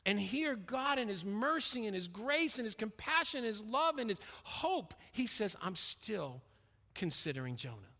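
A man with a high-pitched voice preaches a verse-by-verse sermon, pressing his points hard and then dropping to a hush. His voice rings with the long reverb of a large hall. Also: animated, normal speed, few pauses. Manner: emphatic, swings between raised and hushed delivery. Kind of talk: expository sermon on scripture.

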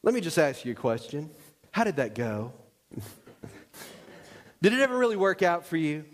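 Male pastor, high voice, animated sermon storyteller, church sanctuary with long reverb. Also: moderate pace. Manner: animated storytelling with acted-out shouts. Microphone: wearing a microphone pack. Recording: long reverb of a large hall.

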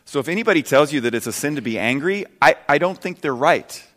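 A pastor in his fifties delivers a sermon, his fairly high voice sinking to quiet, low asides before climbing to loud, emphatic points. He sounds earnest throughout, and a long church-hall reverb trails each phrase. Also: lively intonation, quick pace.

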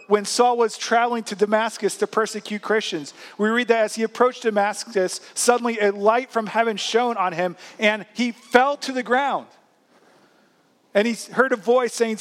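A man preaching a sermon, earnest, with frequent restarts and emphatic rises. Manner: rises in pitch and volume at emphatic points. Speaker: pastor.

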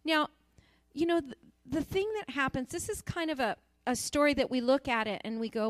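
A woman's voice: high voice, normal speed, no echo. A woman preaching a sermon in an earnest, emphatic way, repeating phrases for stress.

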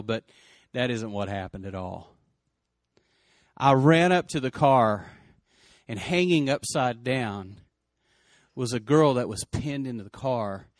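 A man's voice: mid-range voice, no room sound, studio quality. A middle-aged man earnestly retelling an emotional story, with many restarts. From West Texas. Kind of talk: personal storytelling.

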